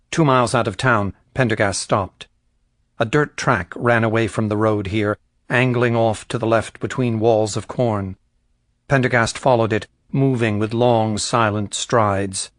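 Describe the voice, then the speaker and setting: A man narrating a crime thriller audiobook in a measured, even storytelling voice. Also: fairly low pitch, no echo, clean studio sound. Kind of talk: scripted narration.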